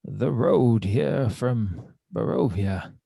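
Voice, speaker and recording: Man doing a courtly, slow-spoken adventurer. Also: fairly low pitch, animated, vocal fry, mellow, husky, no room sound, studio quality, full character voice. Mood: courteous. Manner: slow, drawn-out, formal speech.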